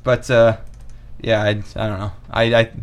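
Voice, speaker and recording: A young man co-hosting a podcast, chatting casually in a rambling, halting way with many fillers. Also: lowish voice, flat delivery, smooth. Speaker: podcast co-host. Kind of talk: casual chat.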